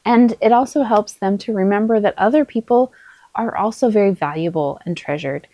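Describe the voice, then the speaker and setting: A middle-aged woman, a mother, talking to camera in a calm, earnest and encouraging way as she shares parenting advice. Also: mid-range voice, normal speed, no room sound. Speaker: parenting vlogger, mother of many. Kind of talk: casual spoken advice to camera.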